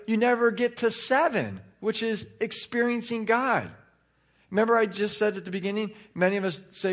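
A man's voice: high voice, a little fast. A man teaching a Bible study in an informal, conversational way, sometimes venting frustration openly. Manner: animated, conversational, vents openly.

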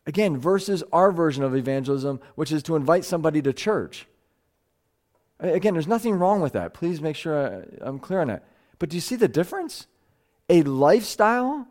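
Earnest preacher man with a higher voice. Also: a little mellow. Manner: earnest, rises in pitch and speeds up when stressing points; stumbles over words and restarts phrases. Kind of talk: live sermon.

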